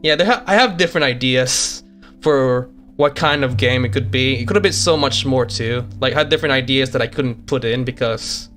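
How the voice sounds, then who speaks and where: A man's voice: medium pitch, moderate pace, fairly bright tone, faint music behind. A man streaming as a VTuber, chatting casually and chuckling often as he shows off games he made, repeating himself and trailing off mid-sentence. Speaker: VTuber streamer and game developer. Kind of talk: casual live-stream commentary.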